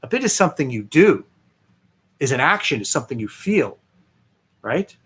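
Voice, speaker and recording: A man, a film director, chatting as a guest and telling lively anecdotes with many fillers. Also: medium pitch, normal speed, husky. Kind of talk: interview storytelling.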